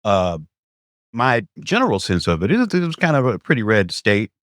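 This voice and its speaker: A man co-hosting a podcast, asking thoughtful questions in a measured way. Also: fairly low pitch, sing-song, a bit bright, no echo, studio quality. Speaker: podcast co-host. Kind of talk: casual interview questions.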